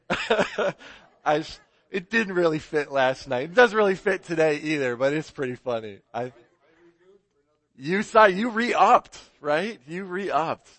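A man's voice: fairly high pitch, lively intonation, unhurried, fairly bright tone, no echo. A man preaching a sermon, casual and rambling, often correcting himself and laughing along with his own story. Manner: rambling, self-correcting, chuckling. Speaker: pastor.

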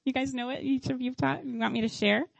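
A woman's voice: high voice, creaky, no echo, poor audio. A middle-aged woman giving a heartfelt sermon at a church service. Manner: heartfelt, tearful at times.

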